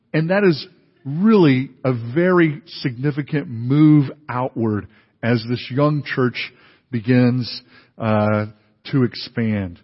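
A pastor giving a sermon in a conversational way, with many fillers and restarts. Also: male voice, medium pitch, slightly rough. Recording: dull, lo-fi recording in a reverberant hall.

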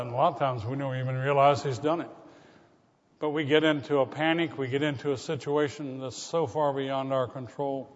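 Preacher in a reverberant, muffled hall. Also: male voice, medium pitch, a little hiss or hum. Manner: dramatic shifts from hushed to loud. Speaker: pastor. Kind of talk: sermon.

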